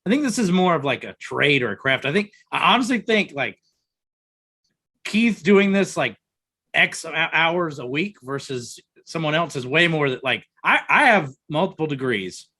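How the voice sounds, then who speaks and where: Bright-voiced, opinionated male co-host. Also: on the high side, animated, moderate pace, husky. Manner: chatty, opinionated, teasing. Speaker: podcast co-host. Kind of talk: casual chat. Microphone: remote computer call.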